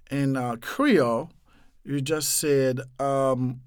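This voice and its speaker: A man hosting a podcast lesson, casually teaching phrases and repeating them slowly with fillers. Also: medium pitch, clean tone, no room sound, studio quality. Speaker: podcast host teaching languages.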